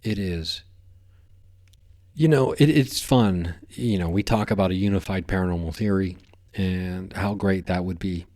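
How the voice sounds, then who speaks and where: A man hosts a podcast in a casual monologue, rambling playfully and often tripping over his words. His voice is deep and mellow, with a measured pace.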